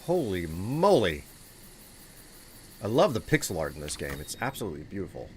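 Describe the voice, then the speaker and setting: A man's voice: low-pitched, big pitch swings, normal speed, a little hiss or hum. A man streaming a game live, chatting casually and thinking aloud as he plays. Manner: casual, rambling, thinking aloud while playing. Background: game music.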